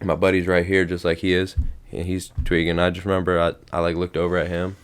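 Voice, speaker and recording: A young man with a very low voice tells a long story in a casual podcast chat. He rambles and swears freely. His tone stays smooth and clear. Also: monotone, quick pace. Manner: slangy, rambling, swears often. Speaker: podcast host.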